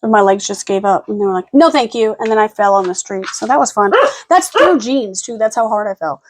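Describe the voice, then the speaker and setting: A woman's voice: medium pitch, expressive, a little fast, background noise. A young woman rambling casually in a late-night home vlog, frazzled and chatty, cooing baby talk at her dogs in between. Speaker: vlogger.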